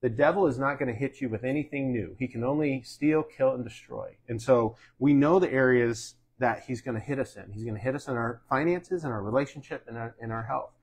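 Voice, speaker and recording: Husky-voiced male pastor, folksy. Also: mid-range voice, brisk, few pauses, darkish tone. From United States. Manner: folksy, uses sports analogies, asks "Amen?". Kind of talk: conversational sermon teaching.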